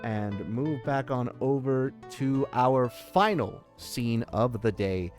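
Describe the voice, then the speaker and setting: Male stream host, relaxed and chatty, slow lively speech, faint music. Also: mid-range voice. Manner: easygoing, chatty. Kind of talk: live game dub and commentary.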